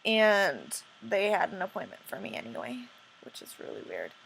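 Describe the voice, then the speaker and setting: A woman talks straight to her camera in a casual vlog, retelling a story in a rambling, self-interrupting way. Her voice sits at an ordinary middle pitch for a woman. She sounds earnest and a little indignant, and she stops and restarts often with "um.". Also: huge pitch swings, normal speed, creaky, fairly bright tone, slight background noise, rough recording. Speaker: vlogger.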